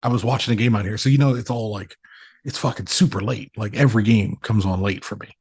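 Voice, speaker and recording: A man in his thirties, co-hosting a casual podcast, telling animated stories and swearing freely. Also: on the low side, quick pace, breathy edge, dry recording, studio quality. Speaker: podcast co-host. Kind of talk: casual chat.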